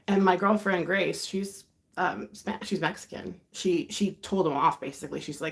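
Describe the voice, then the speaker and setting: An American woman in her thirties hosts a casual livestream chat, rambling and confiding with sighs and soft laughs. Her voice is lowish with vocal fry, and she talks briskly.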